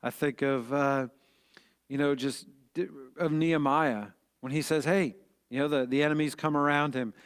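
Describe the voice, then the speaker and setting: Man, pastor, somewhat high voice, earnest, conversational, short devotional sermon. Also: fairly even intonation, moderate pace, clear, resonant tone. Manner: earnest, conversational, with fillers and restarts.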